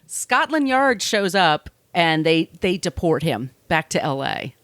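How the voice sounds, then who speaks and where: A woman podcast host telling a true-crime story in casual chat, sardonic and quick to laugh. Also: lowish voice, very animated, fairly bright tone, no echo. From Long Island, New York. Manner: chatty, sardonic, laughs often, slips into put-on voices.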